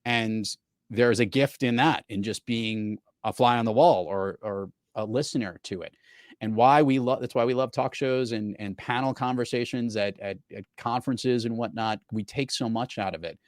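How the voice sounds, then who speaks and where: A man's voice: mid-range voice, moderate pace, dry recording. Middle-aged male podcast host, storytelling chat, dry close mic. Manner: chatty, storytelling. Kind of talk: casual chat.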